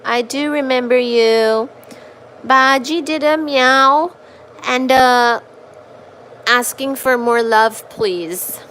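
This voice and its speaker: Woman host for a relaxed home stream: high-pitched, slow and easy, chatty, slips into baby talk for her cat. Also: slight background noise. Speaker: livestream host reading chat. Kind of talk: casual livestream chat.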